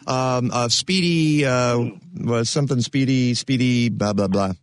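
A man's voice: mid-range voice, steady tone, normal speed. A man hosting a radio gardening show, chatting in a folksy, jokey way and reading sponsor spots into a studio microphone.

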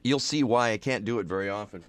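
A man with a hoarse voice hosting a talk radio show, joking and animated. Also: on the low side, fast talker. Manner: jokey, animated. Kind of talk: casual radio banter. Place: radio studio.

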